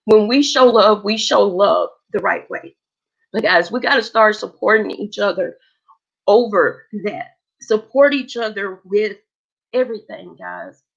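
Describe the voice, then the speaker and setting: A woman's voice: mid-range voice, measured pace, creaky, husky. A woman hosts a casual livestream and speaks to her viewers with open, heartfelt emotion. The sound is dull and a little lo-fi, like stream audio. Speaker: livestream host.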